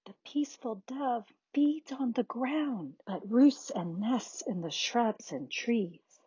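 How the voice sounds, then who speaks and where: A woman's voice: a little high, lively intonation, slow pace, dark tone, slightly rough, no echo, highs cut off, full character voice. A woman voicing a shy little girl who speaks in whispers, in a storybook reading. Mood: timid.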